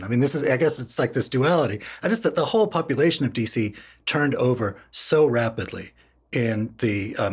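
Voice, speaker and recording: A man's voice: lowish voice, breathy edge. A man co-hosting a podcast, chatting casually with lots of filler words and curious questions. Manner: chatty with many "like" fillers, inquisitive. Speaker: podcast co-host. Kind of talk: casual chat.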